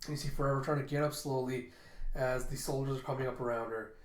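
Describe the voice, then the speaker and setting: A man casually narrates a comic book, describing panel after panel and dropping fillers as he goes. His pitch sits at a middling level. The recording has a roomy echo. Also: fairly even intonation, fast. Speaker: comic readthrough host.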